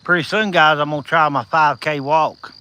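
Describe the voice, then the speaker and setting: At night outdoors, insects chirping behind, a Southern man walks and livestreams, folksy and encouraging, calling viewers by name. A little breathless, he slurs slightly without his top teeth. His voice is on the high side, steady, bright and forceful at normal speed, with a clean tone despite the low-quality recording.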